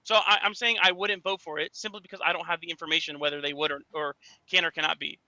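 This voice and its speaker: A man on a dull, lo-fi call, talking fast in a high, bright voice. He stammers and hedges, circling around his answers. The sound is dry. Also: little pitch movement, dry recording. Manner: hesitant, stammering, evasive. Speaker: caller in a debate. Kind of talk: hesitant live debate.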